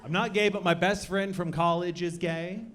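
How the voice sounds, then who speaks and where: A young man doing a stand-up comedy set, with deadpan delivery that breaks into loud shouted bits. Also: high voice, moderate pace. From Colorado. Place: comedy club stage. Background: audience laughter.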